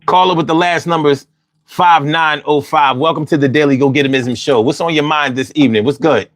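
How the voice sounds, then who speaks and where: Brief: male call-in host, high voice, brash and profane, ribs callers, loops his lines. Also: fairly even intonation, brisk, no room sound, studio quality. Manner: loud, profane, teasing and repetitive. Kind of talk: casual livestream chat.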